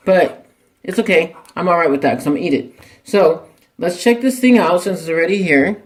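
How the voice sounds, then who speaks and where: A man's voice: sits high, a little fast. A man hosting a casual cooking vlog in a kitchen, chatty and rambling, laughing as he tastes. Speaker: cooking show host. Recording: echoey room.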